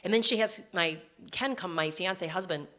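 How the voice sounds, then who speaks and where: A woman telling a personal story live on stage before an audience, conversational and earnest, with quick restarts. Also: lowish voice, fairly bright tone.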